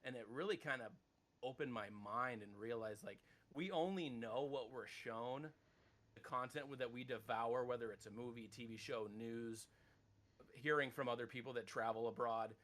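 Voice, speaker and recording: A man in his thirties co-hosting a podcast in casual chat, rambling and animated, with casual swearing. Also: medium pitch, moderate pace.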